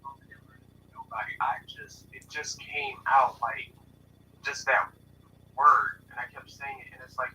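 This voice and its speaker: A man chatting casually and expressively, swinging between loud and soft as he tells a childhood story. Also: medium pitch, sing-song, moderate pace, slight background noise, low-quality recording. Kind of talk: casual chat.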